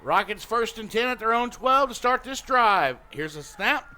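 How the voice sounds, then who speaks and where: A man calling a high school football game live on radio as play-by-play announcer, with quick play calls that climb to shouts on big plays. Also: lively intonation, rough recording. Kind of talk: live radio sports commentary.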